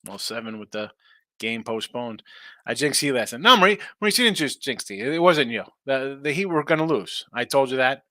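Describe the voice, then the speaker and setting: Man, sports betting host, brash, sarcastic, bright tense tone, dry close mic. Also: medium pitch, lively intonation, no echo. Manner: brash, fast-talking, sarcastic. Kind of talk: casual live-stream talk, reading chat.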